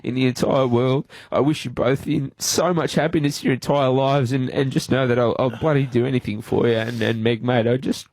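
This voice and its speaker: An Australian man on a radio studio microphone, his voice breaking into halting restarts as he struggles through an emotional tribute. The sound is close and dry, with no room around it, and his pitch sits in a middle range. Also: steady tone, darkish tone, no room sound. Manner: halting, tearful, full of restarts. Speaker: radio host.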